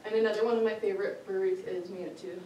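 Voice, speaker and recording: A woman's voice: mid-range voice, steady tone, very fast, mellow, a little hiss or hum. A woman giving a prepared speech to a club audience, lighthearted and often laughing. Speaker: club speaker. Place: meeting hall with an audience. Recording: roomy hall, mic far off, audience audible.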